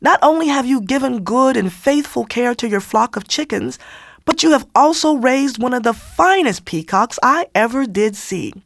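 A woman voicing the oldest woman of an Amish community, gentle and firm, with old-fashioned speech. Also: a little high, expressive, normal speed, creaky, dry recording, studio quality, voice pushed up, heavily acted. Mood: kindly. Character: Martha, oldest Amish woman, kindly and authoritative.

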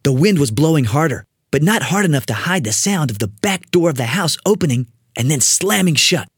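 Brief: lively, husky storyteller reading a spooky kids' story, dry close mic. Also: mid-range voice, fairly quick, no echo. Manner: expressive, building suspense. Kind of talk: dramatic read-aloud of a spooky children's story.

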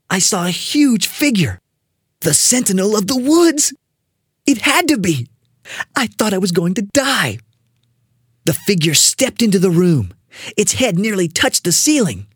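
A storyteller reading a spooky children's story aloud, building suspense with an expressive delivery. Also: medium pitch, husky, no echo, clean studio sound.

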